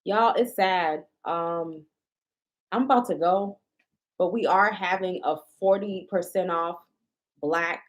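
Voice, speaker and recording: A woman who vents to her viewers in a casual, indignant monologue. Her delivery is blunt and profane, and she takes her time, drawing out her words at an unhurried pace. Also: mid-range voice. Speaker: shop owner and vlogger.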